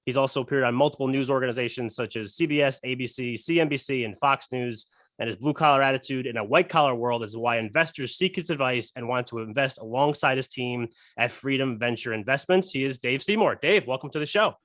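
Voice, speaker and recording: A man's voice: medium pitch, fast, fairly bright tone, no room sound. A man hosting a podcast from a studio, reading an introduction and bantering easily with his guest. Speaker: podcast host. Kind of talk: casual interview, read introduction.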